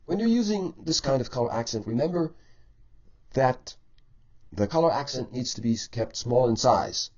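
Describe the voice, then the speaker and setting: A man teaching a painting lesson while demonstrating, explaining in a measured way and stretching key words for emphasis. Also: medium pitch, lively intonation, a little mellow. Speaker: painting instructor. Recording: dull lo-fi voice-over.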